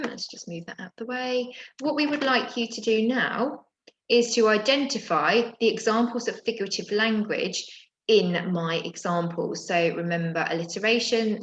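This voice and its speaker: A woman's voice: medium pitch, echoey room, lo-fi sound, a little hiss or hum. A woman teaching primary school children in a recorded home lesson, explaining tasks patiently with the odd filler.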